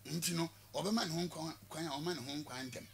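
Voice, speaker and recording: High, gravelly Ghanaian preacher man. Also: fairly quick. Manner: forceful, repeats words when pressing a point. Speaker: prophet. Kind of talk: radio interview in Twi mixed with English.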